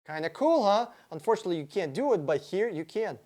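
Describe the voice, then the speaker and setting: This high-pitched man talks quickly while hosting a casual livestream Q&A. He reads each viewer question out loud and responds in an excitable, cursing, wandering fashion.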